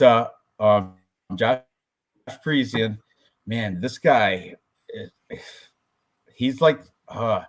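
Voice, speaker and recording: A man hosting a casual podcast about fight predictions, talking loosely with crude jokes and banter. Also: fairly low pitch. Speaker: podcast host.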